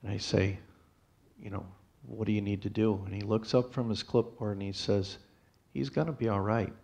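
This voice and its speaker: A man gives his testimony in a church in a low, rough, gravelly voice. He tells his story plainly, pausing and restarting as he goes. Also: a little mellow. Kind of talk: personal testimony to a congregation.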